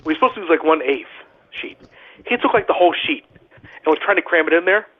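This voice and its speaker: A former pro wrestler, guesting on a podcast, tells wild stories in a rambling, animated, profane way, often checking in with "right?". His voice is brisk, a little high and husky, and comes through a thin, phone-like line.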